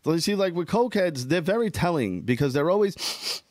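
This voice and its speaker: A man's voice: on the high side, expressive, moderate pace, crowd noise. A man co-hosting a casual, frank chat, laid-back and agreeable, chiming in with short replies. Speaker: co-host.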